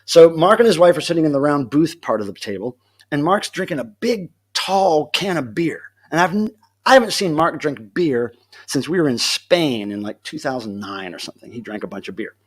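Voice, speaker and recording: A man livestreams from home, telling a story to his live chat in a casual, animated way. He laughs often and acts out what people said, his voice a little high and his speed normal.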